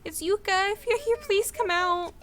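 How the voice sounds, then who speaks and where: Woman doing a scared little schoolgirl, whimpering, pleading, high and bright voice. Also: normal speed. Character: frightened little schoolgirl searching for brother.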